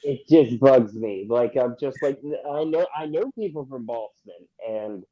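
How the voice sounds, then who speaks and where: A man who is a podcast guest, giving blunt opinions in a halting, casual way over dull lo-fi audio. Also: medium pitch, animated. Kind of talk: casual chat about a TV show.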